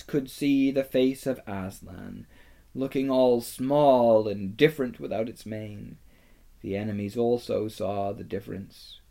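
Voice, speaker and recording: A man reading a storybook aloud in a measured, dramatic way. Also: medium pitch, gravelly, mellow. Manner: slow, measured, dramatic delivery. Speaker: narrator.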